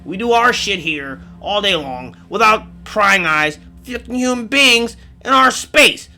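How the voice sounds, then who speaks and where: A man's voice: high voice, animated, measured pace, sharp tone, faint music behind, pitched above the performer's own voice, exaggerated voice. A man voicing a hostile male demon who tells an intruder he does not belong. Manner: blunt, repeating himself. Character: hostile male demon guarding his realm.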